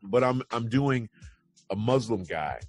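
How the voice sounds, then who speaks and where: A man's voice: mid-range voice, expressive, a little slow, faint music behind. A man hosting an online news show, talking casually and rambling through his opinions with wry asides. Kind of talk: casual commentary on news headlines.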